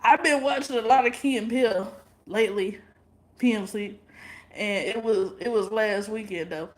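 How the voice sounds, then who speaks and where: A woman's voice: mid-range voice, moderate pace, roomy sound. A woman chatting casually and bluntly with her livestream viewers, swearing freely and laughing often. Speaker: livestream vlogger.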